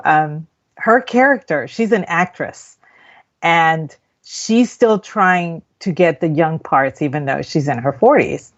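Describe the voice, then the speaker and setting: Low-voiced woman chatting on radio. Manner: rambling, chatty storytelling with fillers and laughs. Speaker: radio co-host. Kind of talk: casual radio chat about movies. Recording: dull lo-fi radio audio.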